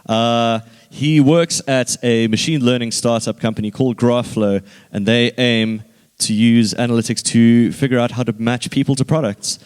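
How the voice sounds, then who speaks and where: Joking host with a smooth voice. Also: male voice, medium pitch, steady tone, moderate pace, a little mellow. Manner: joking, playful. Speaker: event host. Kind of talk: introducing a speaker. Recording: long hall reverb.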